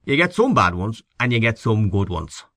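A grave, worldly middle-aged official, voiced by a male audiobook reader, who tells a tale with lively rises and falls. The sound is dry and close. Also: on the low side, normal speed, no room sound. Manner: grave, then mocking as a drill sergeant. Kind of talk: audiobook character voice.

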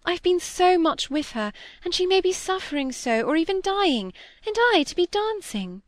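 A woman's voice: very high voice, big pitch swings, normal speed, no echo, voice pushed up. A woman doing a pleading young girl. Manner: pleading, tearful. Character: earnest, distressed young girl.

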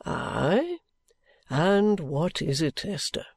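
A woman voicing a calm, gentle older male guardian in a lower, slightly distant voice. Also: extremely slow, husky, no echo, full character voice. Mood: kindly.

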